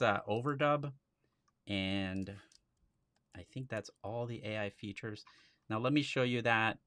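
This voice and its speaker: A man hosting a live stream, walking through a software demo in a casual, chatty way with frequent restarts. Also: on the low side, no echo.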